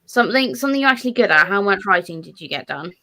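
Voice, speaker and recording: A woman's voice: medium pitch, expressive, racing, sharp tone, a little hiss or hum. A woman chatting casually on a group call, blunt and teasing, with some swearing. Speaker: readathon co-host. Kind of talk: casual chat.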